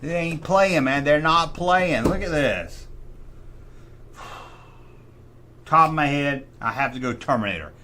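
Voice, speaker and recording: Speaking slowly with long pauses, a middle-aged host with a voice on the high side runs a casual livestream chat over a noisy background. He's animated and opinionated, thinking out loud to himself while making choices.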